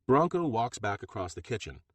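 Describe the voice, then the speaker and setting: Male audiobook narrator, low voice, dry close studio sound, steady delivery. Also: husky, no echo. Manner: steady, measured storytelling. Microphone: close studio mic.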